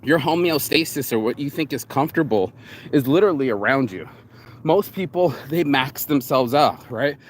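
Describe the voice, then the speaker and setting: A man's voice: medium pitch, lively intonation, normal speed, slight background noise. A man vlogging in a casual, rambling monologue, profane and streetwise, calling the listener bro. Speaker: vlogger and shirt designer.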